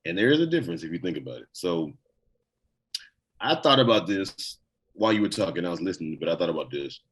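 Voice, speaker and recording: A man with a very deep voice and a husky, breathy grain, co-hosting a casual podcast. He is blunt and profane and reads out questions before answering them. His talk is plain and direct. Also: lively intonation, fast talker, rough recording. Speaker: podcast co-host.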